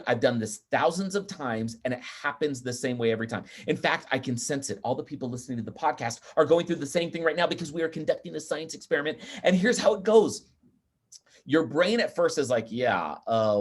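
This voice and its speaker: A man speaking as a podcast guest, talking in an energetic, emphatic and chatty way. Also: a little high. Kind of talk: casual interview talk.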